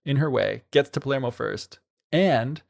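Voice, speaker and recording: Man, podcast co-host, casual storytelling, gravelly voice, playful. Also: medium pitch, moderate pace. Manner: playful, acts out characters with sarcastic quoted voices. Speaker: podcast co-host retelling a folktale. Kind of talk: casual chat.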